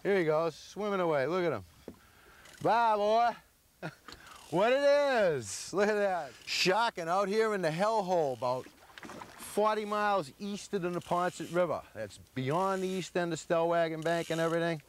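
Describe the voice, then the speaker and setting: Excited man on a noisy boat. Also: high voice, moderate pace. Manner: coaching, exclaiming over the catch. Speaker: fishing show host. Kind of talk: excited on-the-spot boat commentary. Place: open boat at sea. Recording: loud wind and engine noise outdoors.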